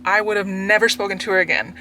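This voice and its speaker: Bright-voiced exasperated woman. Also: mid-range voice, steady tone, fast, slight background noise. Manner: exasperated, profane, emphatic. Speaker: book vlogger. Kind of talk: casual ranting book review.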